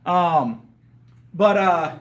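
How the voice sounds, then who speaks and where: A man with a fairly high voice chats loosely with his live viewers, trailing off and restarting with plenty of ums and uhs. His voice sounds a little worn, and he is outdoors in a yard. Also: animated, very slow. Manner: rambling, hesitant, lots of fillers and restarts. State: voice getting worn. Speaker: livestreamer and powerlifter. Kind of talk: casual live chat with viewers.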